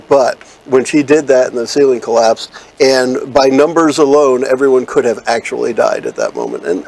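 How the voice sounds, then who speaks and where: Gravelly man in casual chat. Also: medium pitch, a little mellow, rough recording. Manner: chatty, quick with jokes. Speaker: podcast co-host.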